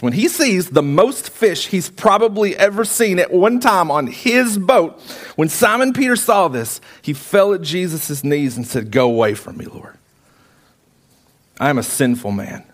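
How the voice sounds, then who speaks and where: A man's voice: a little high, big pitch swings, a little slow. A man preaching a sermon, retelling a story with vivid, emphatic repetition.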